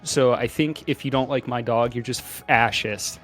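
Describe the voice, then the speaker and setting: A man's voice: mid-range voice, fairly even intonation, normal speed, a bit bright, soft background music. A man co-hosting a casual podcast, joking and rambling as he laughs often. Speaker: podcast co-host.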